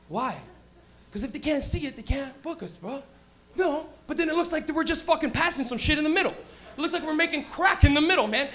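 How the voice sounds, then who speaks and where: High-voiced brash comic. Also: male voice, animated, fast talker, a bit bright, a little hiss or hum. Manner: brash and profane, acting out characters' voices. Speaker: stand-up comedian and host. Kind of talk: stand-up comedy routine. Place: live comedy lounge.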